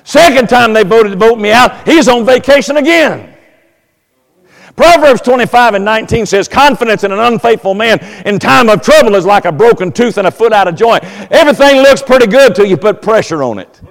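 A man preaching a sermon as pastor, telling folksy stories and rising to loud, emphatic preaching. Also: high-pitched, lively intonation, a little fast, vocal fry, in a large hall. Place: church sanctuary.

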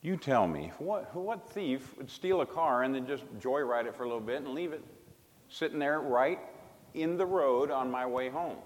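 A man preaching a personal testimony in sermon style, emphatic and swinging between loud bursts and hushed tones. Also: medium pitch, animated, normal speed, big-room sound. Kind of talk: sermon storytelling.

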